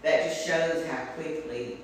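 A man's voice: on the high side, fairly even intonation, a little slow. Reflective man, far off in an echoey room. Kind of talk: casual conversation. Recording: distant voice in echoey room with faint noise.

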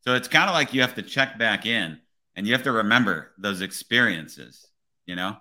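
A police officer hosting a podcast, talking in an earnest, motivational way and often checking in with "right?". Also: male voice, fairly low pitch, animated, moderate pace, pushed and bright. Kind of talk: casual podcast conversation.

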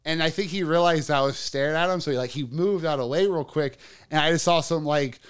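A man on a casual podcast spinning a crude anecdote, full of "like" and restarts. His voice is smooth and clear and sits a little high. He talks fast and loose, carried along by the story. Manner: rambling, profane, quick storyteller with filler words. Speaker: podcast co-host.

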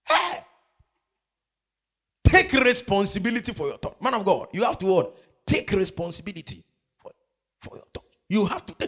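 Lively preacher man. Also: sits high, moderate pace, long pauses. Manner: emphatic call-and-response preaching, mixing in local phrases. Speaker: pastor. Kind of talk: sermon.

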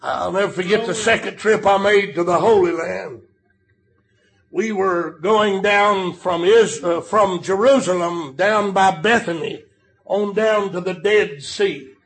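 Older male preacher, high voice, storytelling sermon that swells into shouted emphasis. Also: measured pace.

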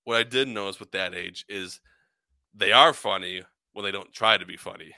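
A man in his forties with a lowish but very sharp, bright voice, grumbling wryly in a casual podcast chat. He restarts his sentences often. The recording is dry and close. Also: normal speed, creaky, dry recording. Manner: dry, wry complaining with many restarts. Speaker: podcast co-host.

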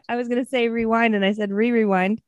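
Woman, podcast host, casual chat, giggly, a bit high-pitched. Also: smooth, dry recording, highs cut off. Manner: giggly, animated, quick to joke.

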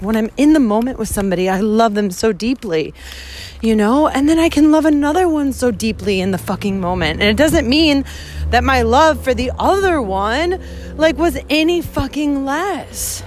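A woman's voice: a little high, expressive, moderate pace, a little hiss or hum. A young woman in a casual walking vlog, talking candidly and emotionally, swearing often, recorded outdoors on a phone. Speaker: vlogger. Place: outdoors walking to a train station.

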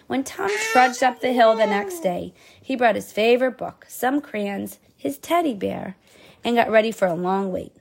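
A woman's voice: a little high, animated, moderate pace, gravelly, a crowd in the background. A young mother reading a children's picture book aloud to her child. She is patient, stops to explain words and asks the child questions.

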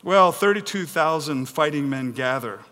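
A man preaching a sermon in an animated way, swinging between loud and soft and acting out the voices in the story. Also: fairly high pitch, moderate pace, in a large hall. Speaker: pastor.

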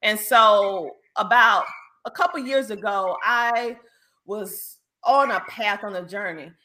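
A woman from South Carolina with a Southern accent, a business coach chatting as a guest on a show and laughing often. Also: medium pitch. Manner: animated, laughs often, drawn-out Southern speech. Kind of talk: casual interview chat.

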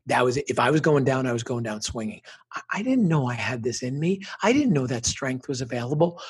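Fairly quick and lively in intonation, a middle-aged man with a medium-pitched, strongly husky and rough-edged voice tells an emotional personal story in an interview. He sounds like a motivational speaker, emphatic and intense, pressing his points with punchy repetition.

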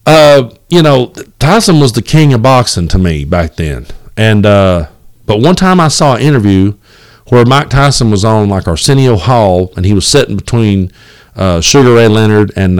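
A deep-voiced man in his forties with an East Tennessee drawl, talking into a home mic at his kitchen table. He rambles along in a folksy way and cusses freely. The sound is close and dry. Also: animated, moderate pace, dry recording. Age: 40s. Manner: rambling and folksy, with many fillers and cussing. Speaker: podcast host. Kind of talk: casual solo podcast monologue. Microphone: home recording setup.

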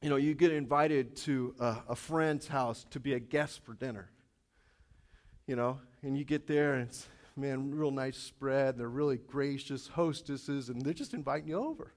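A man's voice: mid-range voice, moderate pace, a little mellow. A man preaching a sermon in a conversational way, stumbling over restarts, chuckling, then pushing hard on his key points. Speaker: pastor.

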